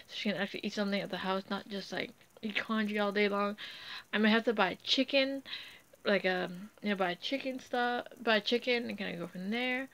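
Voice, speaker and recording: Speaking unscripted about her family and past, a woman shares a personal story in a medium-pitched, fairly bright voice. She rambles with restarts and fillers and sounds emotional, nearly in tears at points. The audio quality is poor.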